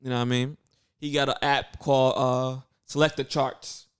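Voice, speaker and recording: A man co-hosting a casual podcast chat, laid-back, giving shout-outs with plenty of fillers. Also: medium pitch, flat delivery, moderate pace, clear, resonant tone. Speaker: podcast co-host.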